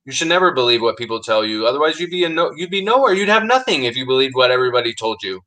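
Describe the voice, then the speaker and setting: Casting note: male podcast co-host, bright forceful tone, emphatic and insistent, casual slangy chat. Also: medium pitch, very animated, rapid-fire, poor audio. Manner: emphatic, insistent, says "dude" a lot.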